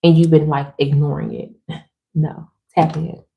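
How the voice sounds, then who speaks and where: A woman's voice: deep voice, little pitch movement, measured pace, gravelly, dull audio, noisy background. A woman giving a casual, emphatic livestream pep talk, talking straight to her women viewers in slangy, chatty speech. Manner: fired-up, emphatic, swears casually. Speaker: motivational speaker.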